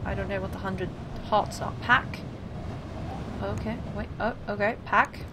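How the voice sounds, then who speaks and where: A woman's voice: mid-range voice, fairly even intonation, unhurried, noisy background. A woman hosting a casual game playthrough and reading story text aloud, hesitant and self-deprecating with many fillers. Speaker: gaming video host.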